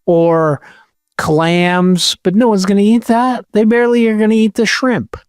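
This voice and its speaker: A man with a smooth, clear voice, a touch higher than most, chats as a podcast co-host. He rambles in a jokey, animated way. The sound is dry and close. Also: measured pace, no echo. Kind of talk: casual chat.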